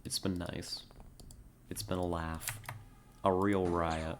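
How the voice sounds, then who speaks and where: A very low-pitched streamer talks slowly through a live game session, with a wry, self-mocking tone while muttering orders at their squad. Faint keyboard and mouse clicking sits behind the voice in a home streaming setup. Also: flat delivery, a little hiss or hum. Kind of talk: live gameplay commentary.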